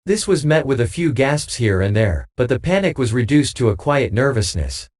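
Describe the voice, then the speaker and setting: A male audiobook narrator tells a comic adventure with an animated, up-and-down delivery. His voice sits at a middle pitch, and he switches smoothly between narration and character lines. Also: moderate pace, hardly any pauses. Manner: reads with lively dialogue voices.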